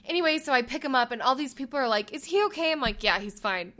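A woman co-hosting a podcast, telling a story in a casual chat, animated and laughing, acting out the lines she quotes. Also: high-pitched, fast talker. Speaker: podcast co-host.

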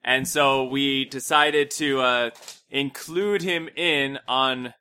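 A man's voice: medium pitch, slow pace, sharp tone, smooth. A man in his thirties chatting casually as co-host, chatty and self-mocking, laughing easily. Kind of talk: casual chat.

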